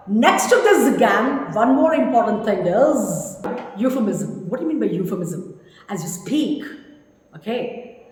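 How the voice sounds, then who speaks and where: A woman's voice: medium pitch, a little mellow. A woman in her fifties from India, teaching a spoken English lesson with emphatic, instructive delivery and repeated key words. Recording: echoey room with long reverb.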